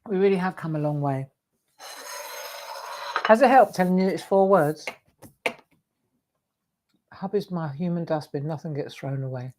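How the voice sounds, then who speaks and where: A woman's voice: deep voice, unhurried, pauses often, a little mellow. An older woman, a craft show host chatting casually and rambling to viewers during a livestream.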